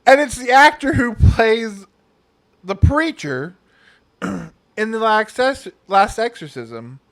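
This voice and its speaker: A man's voice: very high-pitched, expressive, slow, vocal fry, a bit bright. A young man hosting a casual movie review, rambling and sarcastic, with many fillers.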